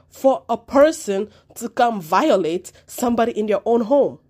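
A woman's voice: fairly high pitch, animated, moderate pace, hardly any pauses, dark tone. A woman from Africa hosting a solo commentary podcast, talking with passion and repeating words for emphasis. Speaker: podcast host.

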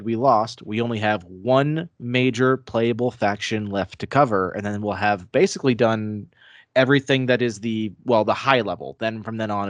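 A man's voice: fairly low pitch, a bit bright, no room sound. A man co-hosting a podcast, explaining things in a casual way and laughing often. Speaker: podcast co-host.

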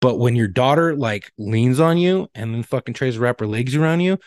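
A man's voice: mid-range voice, expressive, a little fast, a little mellow, no room sound. A man in his thirties, co-hosting a casual podcast, telling blunt, profane stories about his pain and his doctors. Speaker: podcast co-host. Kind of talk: casual chat.

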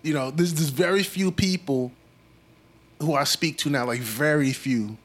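A young man from Brooklyn, telling stories in a slangy, animated casual chat. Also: a little high, normal speed. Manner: animated storyteller, slangy, acts out quotes.

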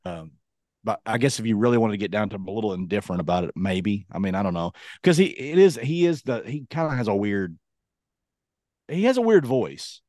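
Animated chatty man, dry close sound. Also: on the low side, no room sound. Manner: animated, rambling, does quick impressions. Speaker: podcast co-host. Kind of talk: casual chat.

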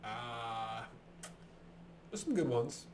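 A young man co-hosting a casual football podcast, chatty and animated, telling stories and laughing often. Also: mid-range voice, extremely slow, crowd noise. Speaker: podcast co-host. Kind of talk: casual sports chat.

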